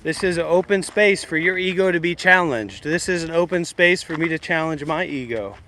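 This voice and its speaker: A man with a high, sharply bright voice streams live about meditation and talks back at viewers. His delivery is blunt and confrontational, and it wanders as he argues. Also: normal speed, slight background noise. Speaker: meditation livestreamer. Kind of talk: casual livestream rant.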